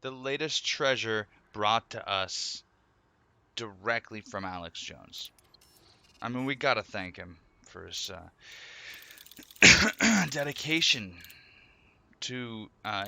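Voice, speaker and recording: A man's voice: fairly low pitch, animated, slow pace, creaky, long pauses, sharp tone. A man live streaming, chatting casually in a joking, rambling way. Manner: joking, rambling, laughing often. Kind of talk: casual chat.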